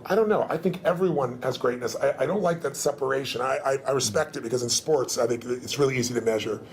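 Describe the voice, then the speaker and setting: A middle-aged man being interviewed, talking in an emphatic, fast way and often restarting his sentences. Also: medium pitch, slight background noise. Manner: emphatic, fast, repeats words at starts. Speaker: guest, motivational speaker. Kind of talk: casual interview talk.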